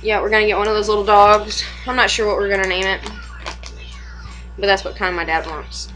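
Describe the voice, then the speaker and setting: A woman's voice: medium pitch, level tone, a little fast, sharp tone, faint music behind, poor audio. A young woman and mother chatting casually at home for a vlog, rambling, swearing freely and laughing often.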